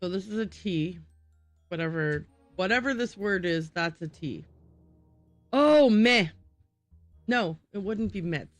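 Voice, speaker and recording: A woman's voice: fairly low pitch, expressive, normal speed, no room sound, soft background music. A woman streaming a game, thinking aloud and muttering to herself as she works through word puzzles. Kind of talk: casual gameplay livestream.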